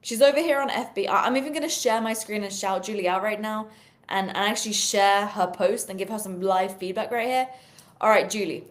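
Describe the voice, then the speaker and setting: A young British woman talking to viewers on a live stream, energetic and chatty, with plenty of fillers as she coaches on social media sales. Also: medium pitch, fairly quick.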